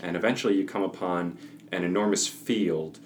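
A man's voice: sits low, fairly even intonation, normal speed. A man acting as game master, narrating a tabletop role-playing podcast in a laid-back way, with fillers and laughs.

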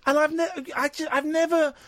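A man hosting a radio phone-in show, talking in an excitable, jokey, animated way into a studio microphone. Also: very high-pitched, a little fast, no echo. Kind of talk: casual talk radio chat.

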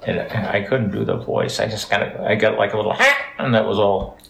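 Man, gravelly voice, echoey room, casual chat, jokey. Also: fairly low pitch, fairly even intonation, a little fast, a little hiss or hum. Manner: jokey, goes off on silly tangents.

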